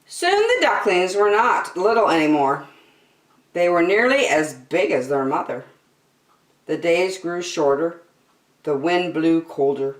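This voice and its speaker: A woman reading a children's picture book aloud with slow, expressive delivery. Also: on the low side. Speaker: children's storyteller. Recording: roomy, from a distance.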